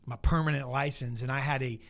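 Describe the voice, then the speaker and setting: A man gives a folksy motivational talk, telling stories and slowly repeating his key lines for emphasis. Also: mid-range voice, steady tone, a bit bright. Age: 40s. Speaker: motivational speaker.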